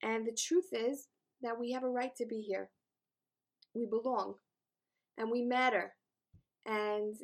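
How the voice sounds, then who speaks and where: A woman's voice: fairly high pitch, vocal fry. Earnest, encouraging woman teacher. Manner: earnest, encouraging, self-deprecating humor. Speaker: class instructor. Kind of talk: teaching an online class.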